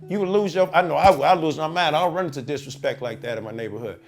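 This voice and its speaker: A man's voice: a little high, racing, hardly any pauses, faint music behind. A man, talking profanely and animatedly in an interview, telling his own stories. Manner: profane, animated storytelling with Chicago slang. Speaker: interviewee, cop watcher. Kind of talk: casual interview talk.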